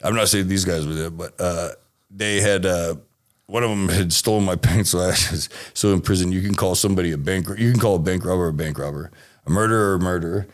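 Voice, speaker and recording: A man's voice: low voice, brisk. A man from Texas telling a rambling, swearing story as an interview guest.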